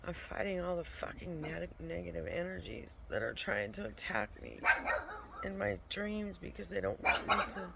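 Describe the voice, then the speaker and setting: A tired vlogger with a creaky, mid-range, sing-song voice speaks at a moderate pace, exhausted from lack of sleep. At home with a pet dog nearby, they ramble through a casual monologue about spiritual visions, swearing often and sometimes dropping to a whisper, on a noisy home recording.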